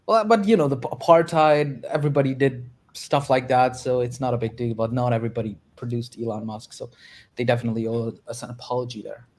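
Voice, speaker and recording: A man co-hosting a casual podcast chat over a call, teasing and joking with quick interjections. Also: medium pitch, fairly even intonation, darkish tone. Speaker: podcast co-host. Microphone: computer mic on a call.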